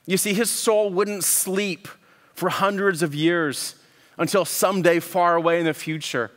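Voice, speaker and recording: A man preaching a sermon, earnest and deliberate, often repeating words as he builds a point. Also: high voice, a bit bright, big-room sound. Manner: earnest, with frequent word repeats and pauses. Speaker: pastor.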